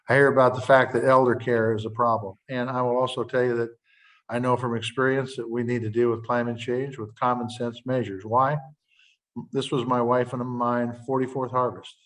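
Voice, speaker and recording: An older man from Montana talks plainly and earnestly, with a folksy turn of phrase. His pitch sits in the middle of the male range. He is on a video call and sounds a little distant from the microphone. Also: fairly bright tone. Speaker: senator.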